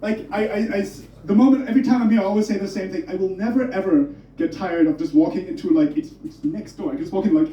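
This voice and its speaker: A young stand-up comedian from Germany talks in a high, animated voice that keeps tripping over itself. His tone is mellow and dark. The recording is roomy and dull, as if taken from the back of a club. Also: fairly quick. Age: young adult. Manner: animated, self-interrupting, laughing between jokes. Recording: roomy, muffled club audio from a distance.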